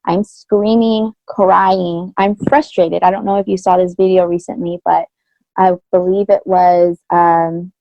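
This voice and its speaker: A woman with a gravelly edge to her mid-range voice recounts a personal story in a podcast chat, speaking candidly and earnestly with blunt slang. The recording is dry and slightly dull, with a lo-fi feel. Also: on the low side, flat delivery, measured pace, dry recording. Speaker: podcast co-host.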